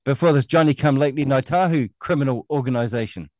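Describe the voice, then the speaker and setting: A fast, slightly mellow, mid-range male voice with no echo belongs to a middle-aged Kiwi host. In his online show's monologue he rants with anger and scorn, cursing constantly.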